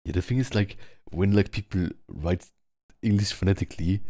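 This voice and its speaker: Speaking from home in an online virtual world, a German-accented VR social game player chats casually, rambling with many fillers while practicing word sounds. His low, dark voice moves at a moderate pace with long pauses. The sound is clean studio quality with no room sound.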